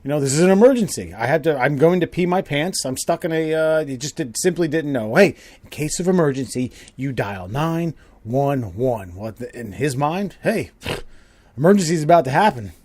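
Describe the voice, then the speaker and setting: A man hosting a podcast in casual chat, talking in a halting way with repeated words. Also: a little high, animated, darkish tone, no room sound. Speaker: podcast host.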